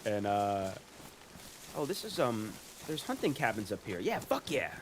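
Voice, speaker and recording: A man's voice: lowish voice, sing-song, measured pace, slight background noise. Rambling, swearing man streaming a game. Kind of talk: casual live-stream chat.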